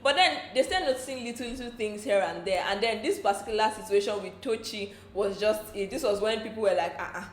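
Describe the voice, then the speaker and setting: A woman's voice: mid-range voice, brisk, few pauses, roomy sound, slight background noise. A Nigerian woman casually recapping reality show gossip, chatty and often laughing. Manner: chatty, laughs often, slips into pidgin asides. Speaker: entertainment show recap host.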